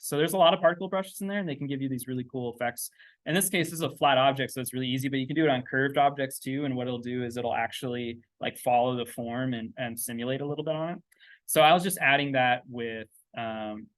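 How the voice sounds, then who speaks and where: A man giving a casual software tutorial, chatty and loose, thinking aloud with lots of fillers and checking in with "right?" as he works on a laptop. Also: mid-range voice, dry recording. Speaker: 3D texturing instructor. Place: indoors at a laptop.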